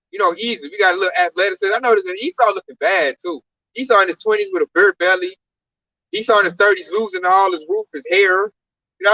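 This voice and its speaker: High, bright-voiced emphatic man. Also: dry recording. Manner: emphatic, slangy, animated storytelling. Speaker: discussion speaker. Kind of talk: casual religious discussion. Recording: distant mic, dry sound.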